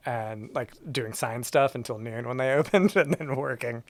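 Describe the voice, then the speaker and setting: A man being interviewed about his sign painting work, talking in a relaxed, rambling way with lots of fillers. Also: mid-range voice, moderate pace, dry recording. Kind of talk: casual conversation.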